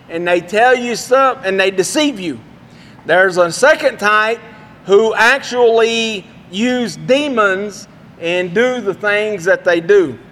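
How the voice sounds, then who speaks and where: Male pastor, very high voice, folksy sermon storyteller, long hall echo. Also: fairly bright tone.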